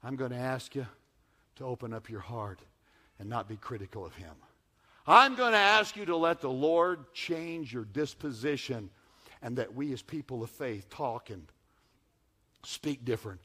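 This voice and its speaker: A man preaching a sermon as pastor, moving from hushed lines to loud emphatic ones and slowing down to repeat key phrases. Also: mid-range voice, animated.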